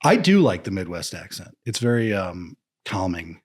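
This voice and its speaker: Low-voiced joking podcast guest, a man. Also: very animated, normal speed, slightly rough. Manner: joking, slips into comic voices. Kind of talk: casual podcast chat.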